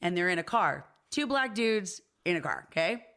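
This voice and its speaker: A woman's voice: fairly low pitch, normal speed. A woman in her thirties co-hosting a podcast, telling stories in a casual chat and acting out the voices of the people in them. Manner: animated storyteller, acts out quoted voices, laughs often. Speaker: podcast co-host.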